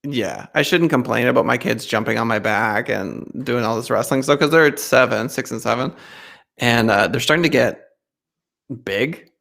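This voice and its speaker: A man hosting a podcast, telling lively stories and acting out what his kids say. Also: medium pitch, moderate pace, gravelly. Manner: lively storyteller, acts out quotes of his kids. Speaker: podcast host. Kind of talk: casual podcast interview.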